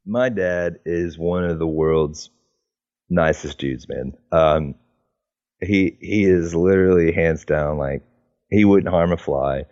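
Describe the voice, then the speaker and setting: A man's voice: sits low, takes it slowly, darkish tone, lo-fi sound. A man chatting casually as a podcast guest, rambling with lots of fillers and restarts. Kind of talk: casual conversation.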